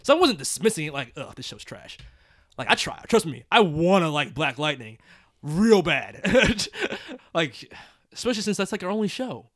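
A man's voice: high-pitched, very animated, brisk, a bit bright, no echo. Man host reading emails, dry sound. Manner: reads aloud with joking asides, laughs often. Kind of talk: casual podcast chat.

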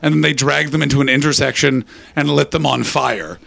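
Crude teasing comic working the crowd, gravelly voice, mid pitch. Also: male voice, a little fast, a bit bright. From Canada. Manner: crude, teasing, profane banter. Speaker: stand-up comedian doing crowd work. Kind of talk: live stand-up crowd work. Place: comedy club stage.

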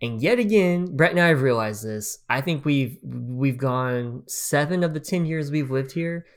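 A man's voice: medium pitch, expressive, a little slow. A man in his thirties co-hosting a podcast, telling stories in a rambling, chatty way with many fillers and frequent laughs. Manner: laughs often. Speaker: podcast co-host. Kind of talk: casual chat.

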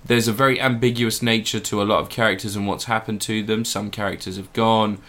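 Bright-voiced man rambling casually. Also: on the low side, fairly quick. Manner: rambling, excitable, swears casually. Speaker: podcast co-host. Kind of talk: casual chat reviewing TV shows.

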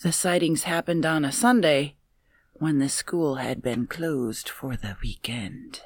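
A woman co-hosting a comedy podcast, reading odd news stories aloud in a measured way. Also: deep voice, expressive, no echo, studio quality. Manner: measured story reading, quick to laugh.

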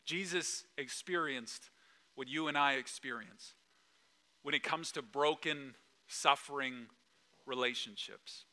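A man preaching a sermon, retelling a Bible story with acted-out quotes and hushed, solemn pauses. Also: medium pitch. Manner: storytelling, acts out quoted lines, drops to a hush at solemn moments. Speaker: pastor.

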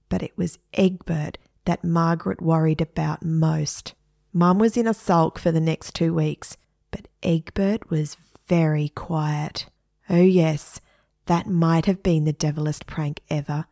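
A woman narrating a children's story expressively, dropping to hushed asides. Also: low-pitched, no room sound, clean studio sound.

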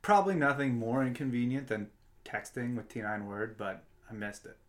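A man's voice: mid-range voice, normal speed. A man co-hosting a casual podcast, easygoing and laughing along with dry remarks. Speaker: podcast co-host.

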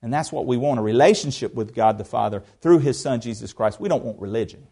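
A man preaching an expository sermon, earnest, with emphatic rises, soft drops, conversational asides and rhetorical questions to the congregation. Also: medium pitch, quick pace, vocal fry, slightly rough. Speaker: pastor.

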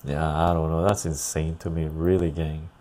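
A man's voice: extremely low pitch, level tone, moderate pace, a little mellow. A man hosting a casual livestream, reading chat aloud and rambling loosely. He sounds tired and laughs easily.

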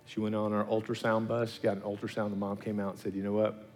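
A man preaching a sermon and telling stories, acting out the people he quotes with sudden high-pitched voices. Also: fast talker, in a large hall, soft background music. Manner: animated storyteller, acting out quotes in pitch leaps. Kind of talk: sermon with storytelling.

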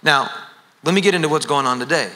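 Pastor, man, bright slightly high voice, earnest sermon, long hall reverb. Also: quick pace. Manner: earnest, repeats words when stressing a point.

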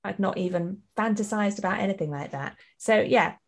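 A woman's voice: medium pitch, a little fast, vocal fry. A woman audio drama director chatting in an interview, laughing often and restarting her sentences. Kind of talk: casual interview chat.

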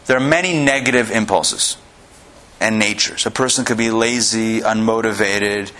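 Bright-voiced male rabbi lecturing a class. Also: lowish voice, normal speed. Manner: conversational, repeats and restarts, tells jokes. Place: classroom with a live audience.

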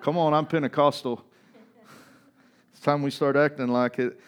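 Male pastor, sermon, slightly high voice, repetitive call-and-response preaching. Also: fairly even intonation, normal speed, smooth.

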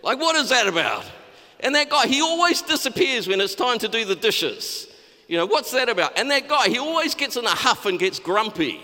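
A petty desert monk who grumbles in a high, bright, whining voice, as a preacher puts him on. Every complaint rings out with a long hall reverb behind it. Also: male voice, big pitch swings, moderate pace, full character voice. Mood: irritated. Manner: whiny, complaining.

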